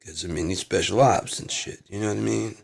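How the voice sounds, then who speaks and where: A man delivering a rambling comedic monologue in laid-back rocker slang, drawling and swinging from loud bursts to mumbles. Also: on the low side, fairly quick, vocal fry, slightly rough.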